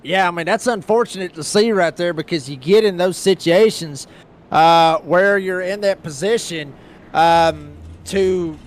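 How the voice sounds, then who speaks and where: A man's voice: high voice, measured pace. A man doing color commentary on a sim race, explaining replays in a folksy, rambling way. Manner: folksy, explanatory, lots of "I mean".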